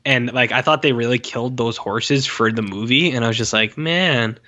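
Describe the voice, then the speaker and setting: A man's voice: mid-range voice, fairly even intonation, brisk, pushed and bright. A man co-hosting a podcast, chatting casually about a film, rambling with many fillers and acting out scenes in little voices. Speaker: podcast co-host. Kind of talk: casual film review chat.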